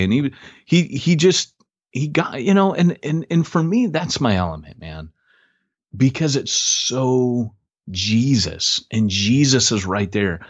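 A man co-hosting a podcast, telling a story in casual chat and acting out quotes in a higher voice. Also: big pitch swings, unhurried, slightly rough, no echo, muffled recording. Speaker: podcast co-host, church planter.

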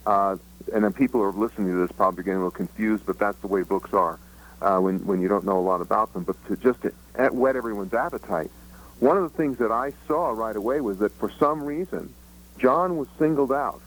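A man, a co-author guest on a radio interview, jumping in eagerly and painting scenes quickly. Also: fairly low pitch, poor audio. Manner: quick, eager, jumps in with vivid scene-setting.

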